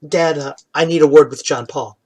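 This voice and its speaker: A man playing a businesslike young woman who lays out the terms of a deal. She speaks quietly and practically, in the game master's own plain voice. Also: fairly high pitch, steady tone, close to an everyday voice, low-quality recording. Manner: brisk and practical, quietly spoken.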